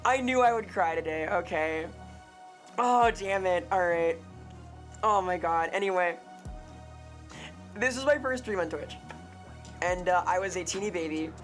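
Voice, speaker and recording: A woman streamer talking casually to her live chat, quick to get excited and swearing freely. Her voice sits on the lower side for a woman. Faint music plays behind her.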